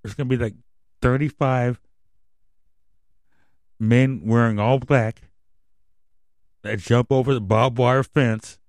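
A man hosting his own radio show delivers a crude, rambling, conspiratorial rant full of swearing that ends on an emotional, subdued note. His medium-pitched, darkish voice moves slowly with fairly even intonation and frequent pauses. The clean studio recording has no echo.

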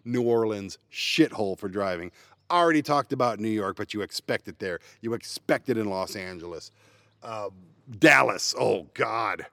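A man's voice: lowish voice, lively intonation, normal speed, gravelly, fairly bright tone, dry recording, clean studio sound. A man hosting a solo podcast, ranting bluntly and sarcastically with plenty of profanity. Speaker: podcast host. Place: parked van.

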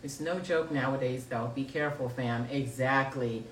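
A woman's voice: rumbling low, normal speed. A middle-aged woman hosting a casual live show, reading viewer comments aloud and laughing often. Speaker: host of a live call-in show. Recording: roomy, distant mic with faint background noise.

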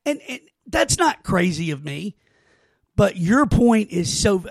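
A man's voice: high-pitched, sing-song, slow pace, no room sound, studio quality. A man hosting a podcast, telling stories in a casual, earnest way with many false starts and restarts. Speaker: podcast host. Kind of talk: casual heartfelt conversation.

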